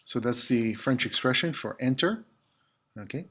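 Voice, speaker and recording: A man teaching a language lesson as a French teacher in a school building, patiently repeating each phrase slowly. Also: medium pitch, expressive, fairly bright tone, slightly rough.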